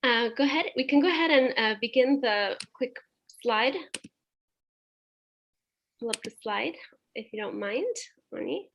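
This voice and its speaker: A woman's voice: fairly high pitch, lively intonation, a little slow, vocal fry, long pauses, fairly bright tone, dull audio, a little hiss or hum. A woman moderating a webinar, reading an introduction of the speakers with some fillers.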